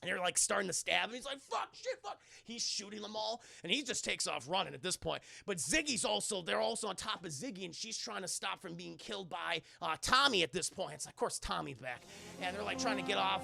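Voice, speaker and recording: Young male streamer, high-pitched, profane, animated recap delivery. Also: creaky. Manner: profane, excitable, acts out quotes in loud voices. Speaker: streamer reviewing a film. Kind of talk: animated scene-by-scene film recap to live chat.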